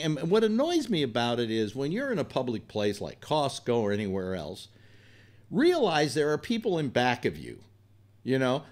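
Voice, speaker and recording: Older male talk host, blunt and profane rambling storyteller, lively animated delivery. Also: medium pitch. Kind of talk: rambling personal anecdote.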